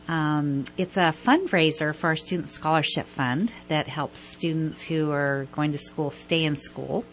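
A woman's voice: low voice, fairly bright tone. A woman guest on a radio show, upbeat as she promotes a charity ride. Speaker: university event guest. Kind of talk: radio interview.

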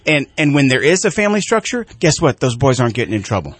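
Animated middle-aged man telling a story. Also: mid-range voice, fast talker, husky, no echo. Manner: animated storyteller, acts out quoted voices. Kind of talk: casual conversational storytelling.

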